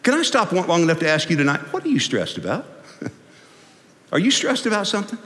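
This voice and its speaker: Man, pastor, sermon, folksy, lively pitch, long hall reverb. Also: normal speed. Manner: animated and folksy, swinging from loud to hushed. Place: church sanctuary.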